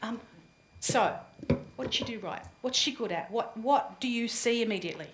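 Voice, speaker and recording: A woman runs a live presentation workshop, chatty and quick to laugh. Her voice sits a little high, and the room gives it a clear echo. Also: a little hiss or hum. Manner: lively, chatty, laughs easily. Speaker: presentation coach. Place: room with an audience. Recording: echoey room.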